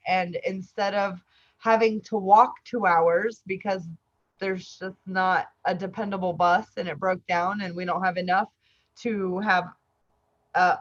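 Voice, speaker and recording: Woman cohost chatting on a podcast, rambly storyteller, mid pitch, dull lo-fi sound. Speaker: podcast co-host. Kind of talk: casual podcast chat.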